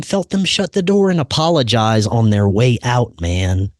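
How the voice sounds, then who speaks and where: A man hosting a podcast, telling a personal story in an animated, slangy way and often saying "man" and "dude". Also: mid-range voice, moderate pace, hardly any pauses, no room sound, clean studio sound. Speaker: podcast host. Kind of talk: casual storytelling.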